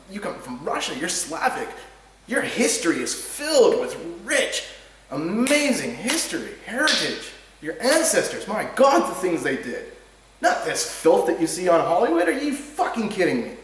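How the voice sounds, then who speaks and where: A man with a slightly higher voice talks in a heated, rambling stream, restarting words and swearing as he goes. He sits well back from the microphone. The recording is drenched in room echo. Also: a bit bright. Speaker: podcast host. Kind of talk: casual ranting monologue. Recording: very echoey room, distant mic.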